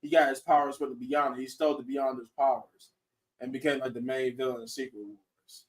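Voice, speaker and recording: A man hosting a podcast in casual chat, excitable and laughing often, restarting his sentences as he talks. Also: medium pitch, a little fast, distant mic. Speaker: podcast host. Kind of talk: casual chat reviewing shows and movies.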